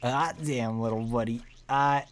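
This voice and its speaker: A man's voice: mid-range voice, steady tone, a little slow, pitched above the performer's own voice, close to an everyday voice. A man voicing a lovesick, self-pitying young pizza delivery guy in a video game, talking in an overwrought, dramatic way. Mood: giddy.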